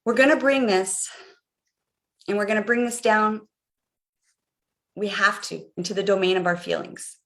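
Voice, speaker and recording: A woman's voice: mid-range voice, fairly even intonation, moderate pace, long pauses, fairly bright tone. A middle-aged woman coaching viewers on a live stream, guiding them through a visualization in an earnest, repetitive way. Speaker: life coach.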